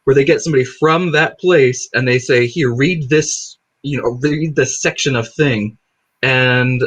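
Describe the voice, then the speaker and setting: A man's voice: medium pitch, a bit bright, low-quality recording. Hesitant man, heavy on fillers. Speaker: actor guest. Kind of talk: casual chat.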